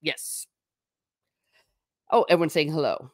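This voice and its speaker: A woman with a low voice hosts a casual livestream and muses aloud. She reads out viewer comments and now and then slips into a stern teacher tone. The sound is dry, with no room echo. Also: lively intonation, unhurried. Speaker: livestream host.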